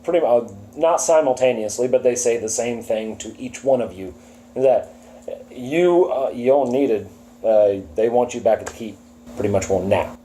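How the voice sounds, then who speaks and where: A man narrating as game master at a tabletop game, in a casual, halting way with fillers. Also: mid-range voice, dark tone. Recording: echoey room, faint ambient hum.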